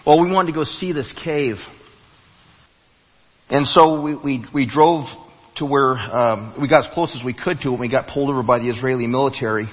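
A man preaching to his congregation in a husky voice, telling a story with restarts that climb to emphatic peaks. The sound carries a long church-hall reverb, and the recording is dull and muffled. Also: mid-range voice, normal speed. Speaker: pastor. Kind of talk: sermon. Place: church sanctuary.

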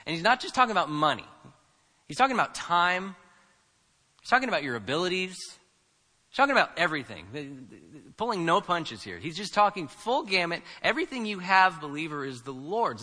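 A man's voice: a little high, sing-song, a little fast, pushed and bright, long reverb tail. A man preaching a sermon as pastor, talking in a conversational, emphatic way and asking rhetorical questions, recorded in a church.

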